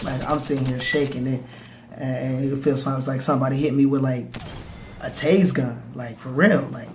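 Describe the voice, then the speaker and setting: A man's voice: mid-range voice, fairly bright tone. Young man, casual slangy storyteller, stammers and restarts, echoey room with faint background hum.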